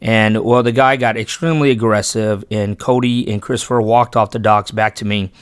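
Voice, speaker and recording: A man's voice: on the low side, steady tone, moderate pace, clean tone, no echo, studio quality. A man who hosts a fishing channel tells, in casual and rambling style, how a day of fishing with his son went, often restarting and correcting himself. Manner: earnest, emphatic when praising his son. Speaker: fishing channel host and father. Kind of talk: casual storytelling vlog narration.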